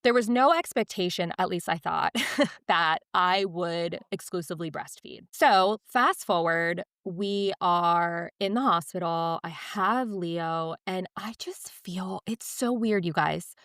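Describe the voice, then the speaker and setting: A woman's voice: lowish voice, slow, no room sound, studio quality. A young woman on a podcast, telling a personal story in a candid, emotional, confiding way. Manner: emotional, confiding, animated retelling. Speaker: podcast guest.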